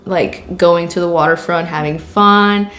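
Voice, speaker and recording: A woman's voice: fairly low pitch, steady tone, unhurried, a bit bright. Young woman chatting in an echoey room. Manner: candid storytelling, swears freely, lots of "like". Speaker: podcast host. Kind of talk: casual chat. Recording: echoey room with faint noise.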